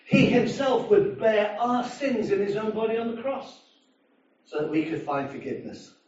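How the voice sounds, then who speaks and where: A man's voice: high-pitched, normal speed. A man preaching a sermon in a church, telling a story and acting out the people in it. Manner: storytelling, animated, acting out a drunk's voice. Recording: echoey church hall from a distance, dull sound.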